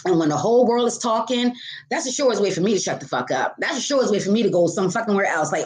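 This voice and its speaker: A woman's voice: mid-range voice, sing-song, fast, a little mellow. A woman tarot reader giving a casual spiritual talk to her viewers, candid and profane, calling them baby and honey.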